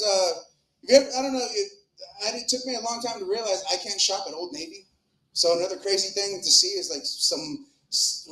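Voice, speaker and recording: A male comic with a high, fairly bright voice performs a rambling, crude open-mic stand-up set full of profanity. It's recorded in an echoey club room.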